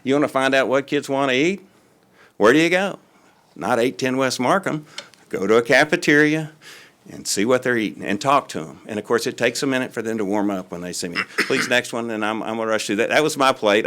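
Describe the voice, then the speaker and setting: A man's voice: medium pitch, a bit bright. An older man, a school superintendent giving a folksy, rambling presentation to a city board, with many fillers. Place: city council meeting room.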